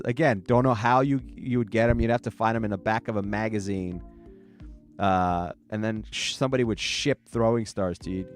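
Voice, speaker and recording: A man in his forties from the New York area, hosting a podcast and telling stories from his childhood in a rambling way, with many restarts and frequent laughter. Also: medium pitch. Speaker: podcast host. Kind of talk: casual storytelling.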